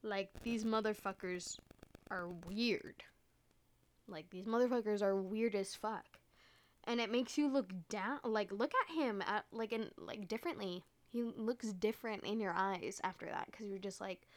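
A woman's voice: medium pitch, fairly even intonation, moderate pace. Young woman podcast host: loose, chatty, profane delivery, lots of filler words. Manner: chatty, swears often, heavy use of "like". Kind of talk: casual storytelling monologue.

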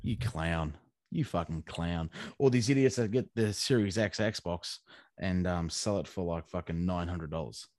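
A man's voice: deep voice, unhurried, darkish tone, no room sound. Man co-hosting, crude rambling banter, dry close mic. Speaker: podcast co-host. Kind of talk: casual chat.

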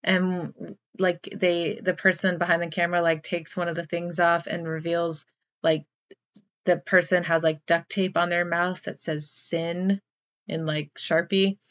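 A woman's voice: lowish voice, flat delivery, measured pace, a bit bright, no echo, lo-fi sound. A young woman hosting a podcast, casually recapping a horror movie in a chatty way full of filler words. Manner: chatty, lots of "like" and "um". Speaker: podcast host.

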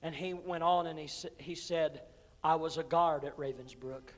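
A male pastor preaching a sermon, telling a story and calling on congregation members by name, rising to impassioned peaks and dropping to soft pleading. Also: fairly high pitch, steady tone, normal speed. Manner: storytelling that swells to impassioned shouting, then drops to soft pleading. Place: church sanctuary. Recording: reverberant church with music behind.

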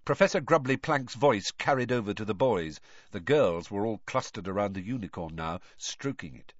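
A man narrating a storybook in a measured, expressive way. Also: fairly low pitch, no room sound, muffled recording. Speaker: audiobook narrator.

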